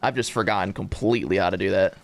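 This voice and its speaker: A man's voice: low-pitched, fast, gravelly. A young man streaming a game live, chatting casually with crude jokes and frequent laughter. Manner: animated, laughing, crude joking. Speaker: gaming streamer.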